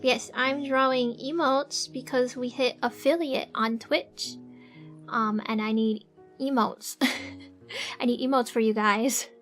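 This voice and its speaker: A woman streamer chatting casually with viewers while she draws, soft-spoken and halting, with many fillers and little giggles. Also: high-pitched, fairly even intonation, soft background music. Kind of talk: casual live-stream chat. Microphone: desk microphone.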